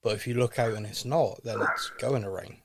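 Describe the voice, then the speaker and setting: A man hosting a podcast in a relaxed, jokey way, rambling and talking straight to his listeners. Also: medium pitch, brisk, crowd noise. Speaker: podcast host. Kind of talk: casual podcast chat.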